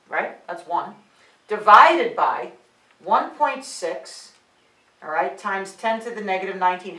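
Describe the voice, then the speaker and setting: A woman teaching high school physics who often checks in with "all right" and "okay" and counts digits aloud. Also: a bit bright. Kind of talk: classroom lecture at a board. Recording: roomy sound, mic set at a distance.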